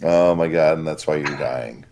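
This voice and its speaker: A man's voice: extremely low pitch, moderate pace, a little mellow. A man playing a tabletop game, with a wry, slightly stammering way of talking. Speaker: player. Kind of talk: casual tabletop role-play.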